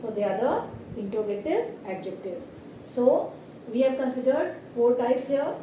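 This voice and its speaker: A woman teacher, explaining grammar slowly and often checking in with "right?". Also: on the high side, animated, dark tone, slight background noise. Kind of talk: classroom grammar lesson. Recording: echoey room, mic at a distance.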